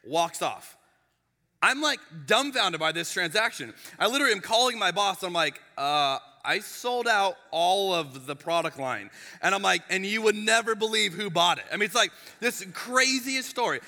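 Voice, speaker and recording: Male pastor, conversational sermon delivery, very bright tone, big reverberant church hall. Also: high-pitched, normal speed. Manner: animated, chatty, with frequent restarts and asides. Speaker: lead pastor. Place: church sanctuary. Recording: long reverb of a large hall.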